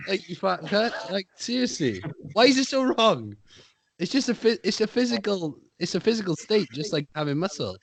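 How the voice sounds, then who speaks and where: A man's voice: high voice, moderate pace. A young man co-hosting a podcast, chatting crudely and acting out other people's voices. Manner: animated, swearing, acts out quoted voices. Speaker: podcast co-host. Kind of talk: crude casual chat.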